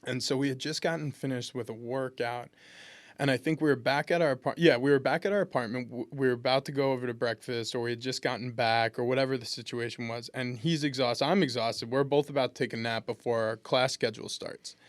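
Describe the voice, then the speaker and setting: Guy in his 20s, football player, smooth clear voice, dry close sound, chatty and joking. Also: medium pitch, steady tone, fairly quick, no echo. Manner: laid-back, humorous anecdotes with many restarts. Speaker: pro football lineman guest. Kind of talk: casual interview storytelling.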